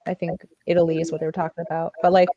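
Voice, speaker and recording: A woman's voice: fairly low pitch, flat delivery, rapid-fire, warm tone, dull audio. An American woman hosting a casual podcast chat, telling stories in a chatty way. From United States. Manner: chatty, storytelling. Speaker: podcast host.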